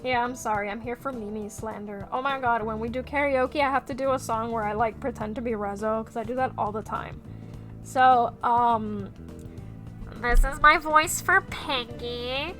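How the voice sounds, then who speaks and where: A woman streaming as she draws, chatting casually with her viewers, animated and quick to swear. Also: fairly high pitch, faint music behind. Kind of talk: casual chat while drawing on stream.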